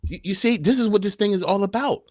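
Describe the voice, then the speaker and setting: Talking fast in a high, darkish voice, this podcast host delivers a live-streamed motivational talk with no echo and clean studio sound. His style is emphatic and preacher-like, full of repeated rhetorical questions.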